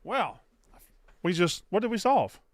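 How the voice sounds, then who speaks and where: A man's voice: high voice, very animated, measured pace, no room sound, clean studio sound. A man co-hosting a sports podcast, chatting casually and firing off joking questions. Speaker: podcast co-host.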